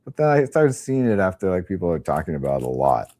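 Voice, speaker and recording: Young male podcast host, very deep and warm, easygoing and profane. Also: very animated, fast. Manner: laid-back, swears casually, trails off. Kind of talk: casual chat.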